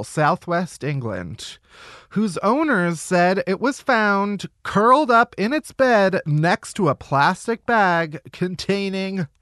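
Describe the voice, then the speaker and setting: A man's voice: high-pitched, no echo. A man hosting a comedy podcast in a studio, ranting sarcastically and swearing a lot. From Chicago area. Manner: sarcastic, profane, animated ranting. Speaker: podcast host.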